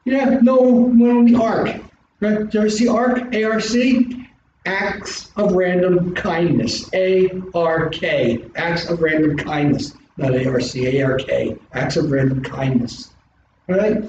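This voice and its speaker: A middle-aged man with a South Philly accent, an instructor giving an animated classroom lecture full of rhetorical questions. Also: high voice, a little slow. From South Philadelphia, US. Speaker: college instructor. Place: large classroom. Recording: distant echoey classroom recording, dull and hissy.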